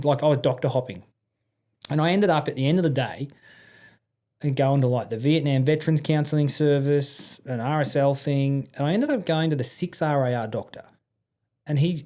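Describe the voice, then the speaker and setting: A man's voice: mid-range voice, moderate pace. Swearing Australian man telling war stories. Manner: swearing, animated anecdote-telling with laughs. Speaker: podcast guest, army and police veteran. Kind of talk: casual storytelling interview.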